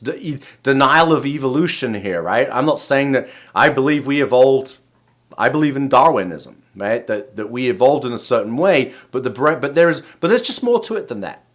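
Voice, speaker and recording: A middle-aged English rabbi who hosts a show gives a casual spoken lesson in a mid-range, animated voice at a moderate pace. He rambles, restarts often, and keeps tagging on "right?"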